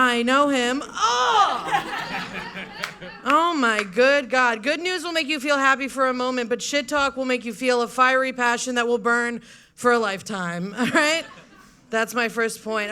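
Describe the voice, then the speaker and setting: A woman's voice: sits high, pushed and bright. A young woman comedian giving a brash, profane, sarcastic stand-up debate speech.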